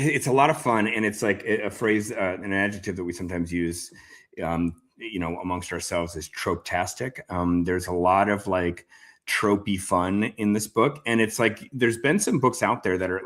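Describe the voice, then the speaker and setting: A man interviewing an author in a casual, halting way with many fillers. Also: on the low side, a bit bright. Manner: casual, hesitant, lots of fillers. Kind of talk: conversational interview.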